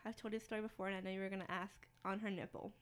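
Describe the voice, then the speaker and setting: A woman's voice: medium pitch, flat delivery, very fast. A young woman in a casual podcast chat, wryly self-mocking. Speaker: podcast co-host.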